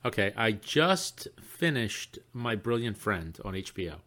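A middle-aged man co-hosting a podcast, chatting casually and telling stories with lively exclamations. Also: on the low side, a little slow, a crowd in the background. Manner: animated storyteller, exclaims often. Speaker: podcast co-host. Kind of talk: casual chat.

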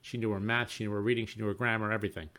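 Fast gravelly low-voiced man. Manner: animated storyteller, exclaims often. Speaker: podcast co-host. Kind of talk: casual chat.

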